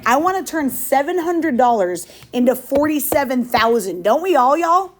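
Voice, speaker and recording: A woman teaching a math class, upbeat and quick, calling out questions to her students. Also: high voice, animated. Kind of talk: classroom lesson.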